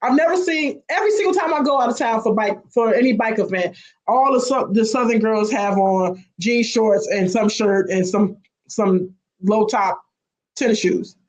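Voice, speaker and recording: A woman's voice: fairly high pitch, normal speed. A woman co-hosting a radio talk show, opinionated and blunt in casual banter, swearing freely.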